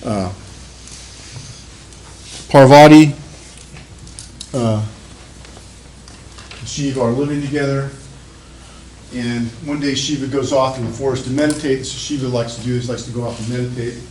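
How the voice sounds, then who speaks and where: A male university lecturer telling stories in an animated, chatty classroom lecture. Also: mid-range voice, normal speed, pauses often. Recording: echoey classroom with faint noise.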